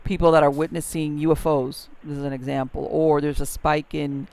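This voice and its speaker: Smooth-voiced male podcast host. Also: fairly high pitch, little pitch movement, brisk, a little mellow. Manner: affirming, sums up the guest's points. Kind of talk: casual interview talk.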